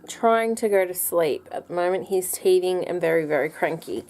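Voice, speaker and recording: Young mum vlogging, candid and rambling. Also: female voice, on the low side, measured pace, darkish tone. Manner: candid, rambling, many ums and restarts. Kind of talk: casual personal vlog.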